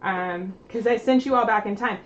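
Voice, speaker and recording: A woman's voice: mid-range voice, moderate pace, muffled recording, slight background noise. A woman hosting a casual live stream from home, chatting and laughing while fixing technical problems. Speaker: streamer host.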